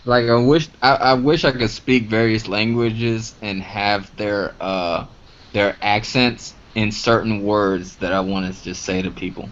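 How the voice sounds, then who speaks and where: A man talking casually in a group voice chat, halting and rambling with many fillers. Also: on the low side, steady tone, a bit bright. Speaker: voice chat participant. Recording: dull lo-fi online voice chat.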